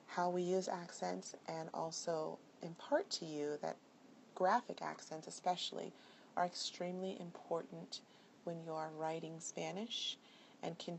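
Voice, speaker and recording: Woman language teacher, slow deliberate dictation, gravelly lowish voice, faint hiss behind. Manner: careful, deliberate dictation of words. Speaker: Spanish teacher. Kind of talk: slow recorded video lesson.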